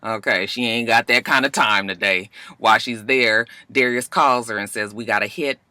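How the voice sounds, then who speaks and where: A woman's voice: extremely low pitch, normal speed, bright, forceful tone, no echo. A woman recapping a TV episode in a casual vlog, sassy and joking as she comments. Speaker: TV recap vlogger.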